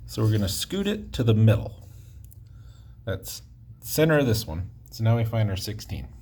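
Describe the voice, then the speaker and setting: A man's voice: lowish voice, sing-song, moderate pace, warm tone, husky. A man chatting casually and bluntly while he builds, drifting into stories and joking about himself. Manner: rambling and outspoken, jokes about himself. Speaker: DIY builder host.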